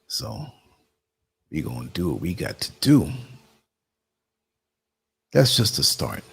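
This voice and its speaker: Host type: New York man, lowish husky voice, loose chatty delivery, talks while clicking around. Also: huge pitch swings, takes it slowly, a bit bright. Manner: chatty, laughs often, talks while working the computer. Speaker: live show host. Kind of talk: casual livestream talk.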